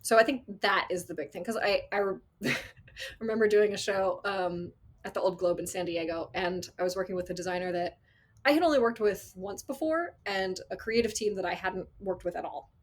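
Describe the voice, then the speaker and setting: A woman working as an associate sound designer, telling stories in a casual interview, animated and acting out quotes with frequent laughs. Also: medium pitch, moderate pace. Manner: animated storyteller, acts out quotes, laughs often.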